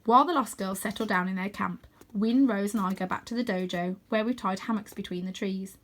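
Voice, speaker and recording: A woman reading a children's novel aloud, with calm, steady first-person narration. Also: mid-range voice, a little fast. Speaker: storybook reader.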